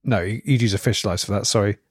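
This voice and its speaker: A man's voice: lowish voice, quick pace, no room sound. A man co-hosting a casual podcast chat, telling stories in a dry, wry way. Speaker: podcast co-host.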